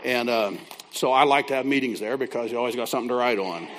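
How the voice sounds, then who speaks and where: A man's voice: medium pitch, quick pace, fairly bright tone, a little hiss or hum. A man who works as a biblical counselor, teaching a class by telling a folksy, conversational story. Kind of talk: teaching through a told story.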